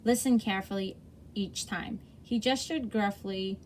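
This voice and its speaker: A woman's voice: medium pitch, a little slow, darkish tone, a little hiss or hum. A woman reading a chapter book aloud to children in a friendly way, with small slips and self-corrections.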